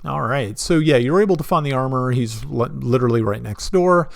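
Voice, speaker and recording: A man runs a tabletop game, explaining the rules and rambling in a self-deprecating way. His voice is gravelly and middle-pitched. The sound is dry and close. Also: brisk, no room sound. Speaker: game master.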